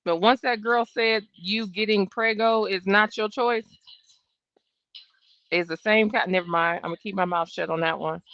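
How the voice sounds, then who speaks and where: A woman's voice: medium pitch, normal speed. A woman in her thirties hosting a live trial-watch stream, giving blunt, sassy, profane casual commentary. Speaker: livestream trial-watch host. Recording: dull, dry home stream audio.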